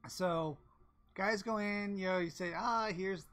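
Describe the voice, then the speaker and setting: Slow, halting woman game master. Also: mid-range voice, steady tone, faint music behind. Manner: halting, full of fillers and restarts. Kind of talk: narrating a tabletop game.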